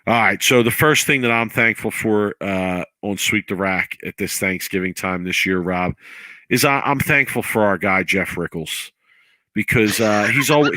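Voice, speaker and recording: A man's voice: fairly low pitch, sharp tone, no room sound. A man co-hosting a podcast in casual chat, often stumbling and repeating words as he starts. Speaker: podcast co-host.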